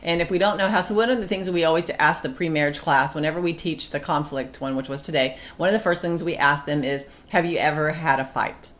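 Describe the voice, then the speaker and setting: A woman with a somewhat low voice chatting casually about marriage. She talks in an animated way and often acts out old arguments with a sharper, raised voice. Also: quick pace, hardly any pauses. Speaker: marriage podcast co-host. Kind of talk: casual chat.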